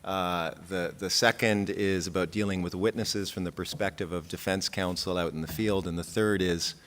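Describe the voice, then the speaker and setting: Deep-voiced man laying out points. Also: fairly even intonation, normal speed, a bit bright. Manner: methodical, structured, formal word choice. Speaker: defense counsel panelist. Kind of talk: prepared panel talk.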